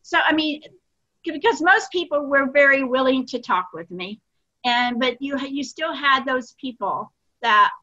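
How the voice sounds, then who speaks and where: Older woman, interview guest; earnest, self-deprecating storyteller, bright tone, lo-fi sound. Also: high-pitched, a little slow.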